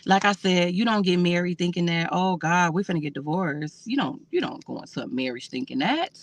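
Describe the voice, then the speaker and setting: A woman, hosting a casual livestream and answering viewer comments in a soft, conversational way. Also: on the low side, expressive, fairly quick, dry recording. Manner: reads out comments and answers them warmly, with fillers. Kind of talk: casual emotional livestream chat.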